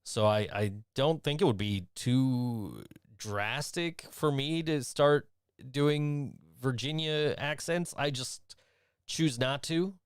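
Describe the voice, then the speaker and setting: A man's voice: medium pitch, takes it slowly, smooth, dry recording, clean studio sound. Rambling, profane man from Western New York. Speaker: podcast host and voice actor. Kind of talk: casual chat.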